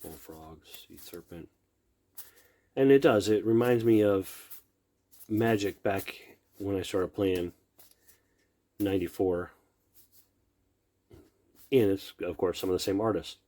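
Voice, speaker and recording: A middle-aged man opening card decks at a table, talking slowly in a low, unhurried voice. He murmurs item names half to himself and breaks into admiring comments, often trailing off before he finishes a thought. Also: dark tone. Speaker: card collector opening packs. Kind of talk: casual unboxing commentary.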